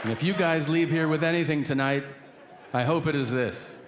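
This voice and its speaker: A man's voice: a little high, moderate pace, over a noisy crowd. A man performing a stand-up routine on stage, telling stories in a profane way and acting out the people in them. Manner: animated, profane storytelling with acted-out quotes. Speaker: stand-up comedian. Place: large hall on stage. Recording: reverberant hall with audience noise.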